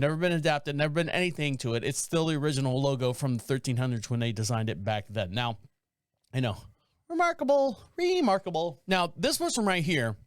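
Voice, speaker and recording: A man's voice: a little high, clear, resonant tone, dry recording, clean studio sound. A man hosting a podcast, reading news stories aloud and riffing on them in a rambling, joking way. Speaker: podcast host. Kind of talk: casual podcast monologue.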